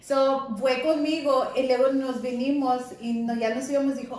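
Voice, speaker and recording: A woman's voice: sits high, steady tone, brisk, a little mellow, heavy reverb, rough recording. A woman co-hosting a podcast, chatting and asking questions while mixing Spanish and English. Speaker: podcast co-host. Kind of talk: casual chat.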